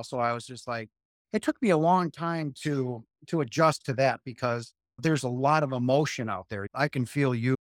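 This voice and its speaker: A man's voice: medium pitch, moderate pace, dry recording, clean studio sound. A man in his fifties, a guest talking earnestly about spiritual experiences and repeating phrases for emphasis. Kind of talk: spiritual interview talk.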